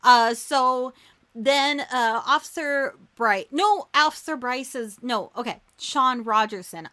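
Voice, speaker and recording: A woman hosting a podcast, recapping a film in a loose, rambling way with plenty of swearing. Her voice is bright and sits somewhat high, with a forceful edge. She keeps the tone easygoing and chatty. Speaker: podcast host. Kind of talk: casual movie recap.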